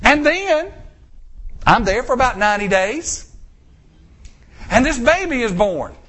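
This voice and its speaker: An American man preaching a sermon, retelling a scripture story with drawn-out pauses and acted-out character lines. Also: very high-pitched. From United States. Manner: storytelling, acting out characters' lines in lively voices.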